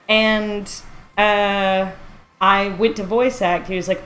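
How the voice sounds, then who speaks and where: A woman's voice: mid-range voice, fairly even intonation, takes it slowly, a bit bright, reverberant, a little hiss or hum. Laughing, self-mocking woman streamer. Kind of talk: casual storytelling on a live stream.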